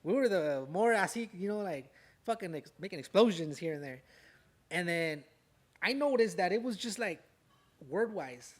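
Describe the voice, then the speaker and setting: A man's voice: sits high, expressive, normal speed. A young man from Southern California telling a story on a podcast in casual, profane street slang. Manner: profane, streetwise slang, tag words "way" and "fool". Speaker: podcast guest, rapper.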